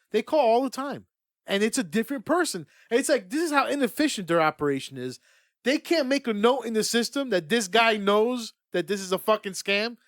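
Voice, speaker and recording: Young guy on a podcast, swears a ton, super animated, really dry sound. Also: high-pitched, no room sound. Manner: excitable, swears a lot, laughs through punchlines. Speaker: podcast co-host. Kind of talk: casual chat, animated storytelling.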